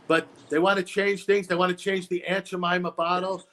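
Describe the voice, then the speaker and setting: High-voiced comedian, rambling storytelling. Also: male voice, flat delivery, brisk, few pauses, sharp tone. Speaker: comedian guest. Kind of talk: stand-up style chat.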